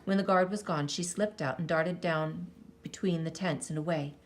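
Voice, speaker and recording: A woman reading a children's story aloud with expressive, lingering delivery. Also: lowish voice, moderate pace. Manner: expressive, lingering on counts and sound words.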